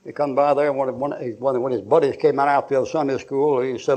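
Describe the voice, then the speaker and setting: A man's voice: mid-range voice, flat delivery, a little fast, a little mellow. An older man, preaching in church in a folksy, joking way, acting out little scenes. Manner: joking, acts out voices, laughs often. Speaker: pastor. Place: church sanctuary.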